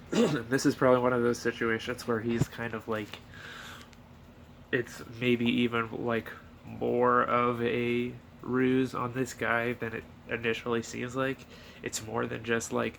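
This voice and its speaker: A young man with a mid-range, gravelly, somewhat bright voice speaks at a moderate pace in a steady tone. Filming himself on camera, he rambles casually through a movie review, swearing often and full of fillers and restarts, with slight background noise.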